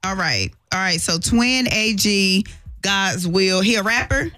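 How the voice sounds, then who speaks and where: A woman's voice: mid-range voice, animated, unhurried, pushed and bright, dry recording, soft background music. A woman hosting a morning radio show, upbeat and friendly, stretching out the phone number. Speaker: radio host.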